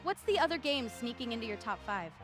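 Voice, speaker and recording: A woman's voice: fairly high pitch, lively intonation, fast talker, over music. A woman's voice, an AI co-host, reading chat messages in a peppy, slightly scripted stream chatter style.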